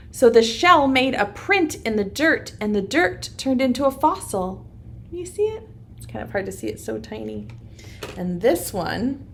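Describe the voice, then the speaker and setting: Slow, sing-song woman teaching preschoolers. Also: fairly high pitch, gravelly, a little hiss or hum. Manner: slow, sing-song, encouraging, speaks to young children. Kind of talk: virtual preschool circle time lesson.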